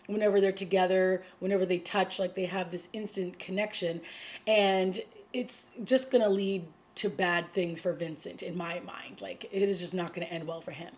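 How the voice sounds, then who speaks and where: A TV show recapper, a woman, runs through an episode casually, chatting with plenty of "like" and "you know" and getting worked up at the dramatic parts. Her pitch is fairly low and her pace moderate.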